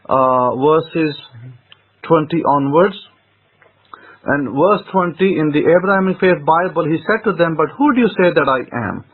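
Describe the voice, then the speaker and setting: High raspy-voiced guy preaching scripture, keeps repeating himself, phone-line sound. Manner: emphatic, repeats phrases, asks rhetorical questions. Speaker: rabbi teaching scripture. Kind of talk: scripture teaching.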